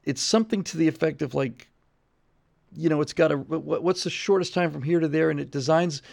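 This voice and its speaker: Middle-aged male streamer, casual and rambling, gravelly tone. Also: on the high side, brisk, a little mellow. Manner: rambling, repeats words while thinking. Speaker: livestream host. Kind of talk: casual livestream chat.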